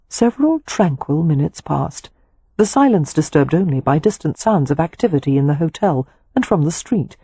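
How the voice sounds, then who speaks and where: Husky, dark-voiced woman narrating. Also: low-pitched, dry recording. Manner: measured, expressive reading. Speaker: audiobook narrator. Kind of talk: scripted narration of a romance novel.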